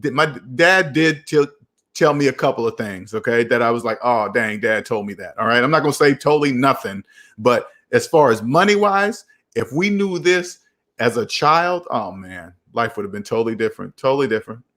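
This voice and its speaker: A young man hosting a casual live chat about personal finance, talking in an animated, preachy and repetitive way. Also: medium pitch, a little fast. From United States. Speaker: finance channel host.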